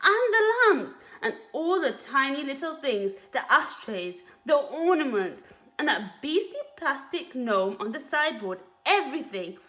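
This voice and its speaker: A woman voicing an excited, bossy male monkey father who shouts urgent orders at everyone. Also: high-pitched, unhurried, voice pushed up, exaggerated voice.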